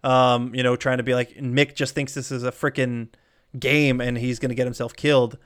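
A man co-hosting a podcast, recapping a film in casual chat, animated, with frequent laughs and rambling asides. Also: medium pitch, normal speed, clean tone. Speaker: podcast co-host.

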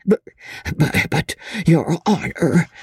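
A woman's voice: low voice, lively intonation, slow pace, breathy edge, no echo, studio quality, pitched above the performer's own voice, full character voice. A woman voicing a frightened old male peddler who stammers and pleads. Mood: terrified.

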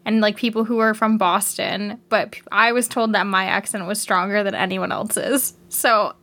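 A woman's voice: mid-range voice, fairly even intonation, moderate pace, fairly bright tone. A Canadian woman co-hosting a podcast, chatting casually and laughing often. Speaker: podcast co-host. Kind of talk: casual chat.

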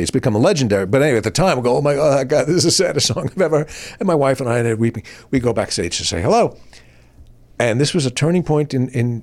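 An older man chatting on a podcast, swinging his voice high and low as he acts out what people said. His telling is loose and lively, full of restarts and asides. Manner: animated, acts out quotes with big pitch jumps. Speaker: podcast host. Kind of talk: casual storytelling chat.

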